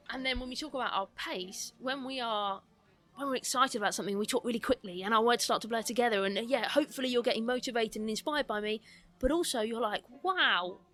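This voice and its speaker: A woman's bright, fairly high voice carries a mixed British accent with a London twang. She has a slight lisp and talks quickly and animatedly, like a coach mentor chatting on a podcast. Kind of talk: podcast conversation.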